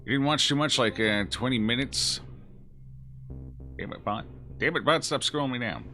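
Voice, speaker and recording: A man's voice: mid-range voice, moderate pace, sharp tone, soft background music. A man streaming a game, chatting casually and jokingly as he reacts aloud to his chat. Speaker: gaming streamer. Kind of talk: casual let's-play commentary answering chat.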